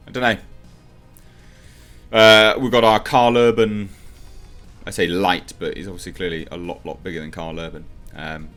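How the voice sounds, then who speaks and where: A man's voice: low voice, a bit bright. Rambling, opinionated male trailer reviewer. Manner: rambling, opinionated, thinks aloud with frequent ums. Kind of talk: casual reaction commentary.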